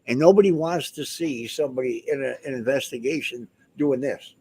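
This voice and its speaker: A man's voice: mid-range voice, moderate pace, warm tone, breathy edge. A man talking casually to the camera as a vlogger, rambling and emphatic, often restarting his sentences. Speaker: house owner and vlogger.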